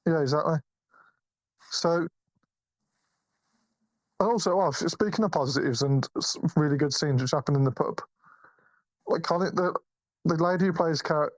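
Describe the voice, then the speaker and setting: A man's voice: on the high side, normal speed, long pauses, no room sound, low-quality recording. A man co-hosting a podcast, chatting casually about a film in a rambling way, full of restarts and swearing. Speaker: podcast co-host. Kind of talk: casual film review chat.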